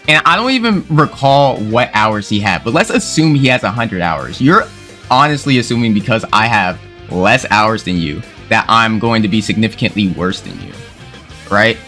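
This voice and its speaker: A man with a bright, forceful voice recounts a gaming grudge in relaxed slang, tossing in "bro" constantly. Soft guitar music plays faintly underneath. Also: lowish voice, moderate pace. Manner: slangy, laid-back, peppered with "bro". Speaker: gaming video creator. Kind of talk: casual storytelling commentary.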